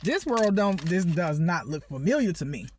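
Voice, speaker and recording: A woman's voice: fairly low pitch, big pitch swings, moderate pace, a little mellow, a little hiss or hum. A woman venting in an unscripted monologue, rambling and agitated, swearing often and breaking into exasperated, pleading outbursts. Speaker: spiritual vlogger.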